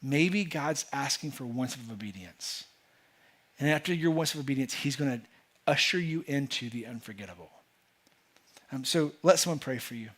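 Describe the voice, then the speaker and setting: Animated and fairly bright, with a slightly rough medium-pitched voice at a normal speed, a pastor preaches to his congregation. In the church sanctuary he stays earnest and emphatic, repeating words and restarting as his point builds.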